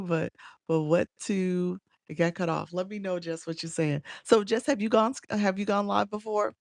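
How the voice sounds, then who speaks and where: A woman with a Chicago accent runs a casual live-stream coaching session, laughing often and calling out viewers by name. Her voice has a gravelly, fried texture, and the sound is close and dry with no room echo. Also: medium pitch, steady tone, normal speed, darkish tone. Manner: chatty, laughs often, reads out viewer names.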